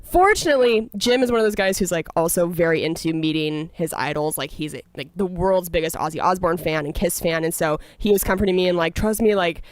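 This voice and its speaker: A young woman comedian telling a story in casual chat, animated and self-mocking, full of "like" fillers. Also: fairly low pitch, fairly quick, few pauses, dry recording. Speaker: comedian guest.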